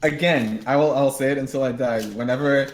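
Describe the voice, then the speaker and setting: A man's voice: mid-range voice, fairly quick, echoey room. A young man co-hosting a casual podcast, laid-back and laughing easily. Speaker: podcast co-host.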